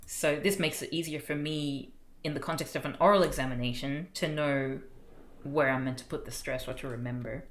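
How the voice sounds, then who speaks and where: A woman's voice: low-pitched, steady tone, moderate pace, echoey room. A young woman chatting casually on a study stream, thinking aloud with lots of fillers. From Australia. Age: young adult.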